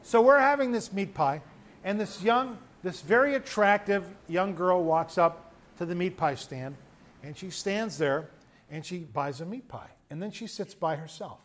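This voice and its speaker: A man, a pastor telling a story in a conversational sermon, moving between loud emphasis and quiet asides. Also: high-pitched, expressive, measured pace. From United States.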